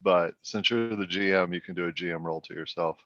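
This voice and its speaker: A man in casual chat at a tabletop game, matter-of-fact and helpful. His voice is fairly low, heard through a muffled lo-fi mic with a dry sound. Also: fairly even intonation, fast, fairly bright tone, no echo. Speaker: player.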